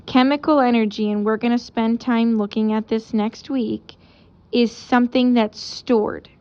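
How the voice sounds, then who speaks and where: A woman teacher giving a casual recorded lesson, explaining out loud while she sketches examples. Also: a little high, steady tone, a little slow, clean tone, highs cut off.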